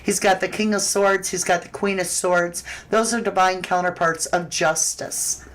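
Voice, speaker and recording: A woman with a lowish voice reads tarot cards live and answers viewer questions. She talks in a loose, chatty way, restarting her sentences. A faint hiss sits under her voice. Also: steady tone, moderate pace, poor audio. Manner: chatty and conversational, with frequent restarts and fillers. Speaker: tarot reader host.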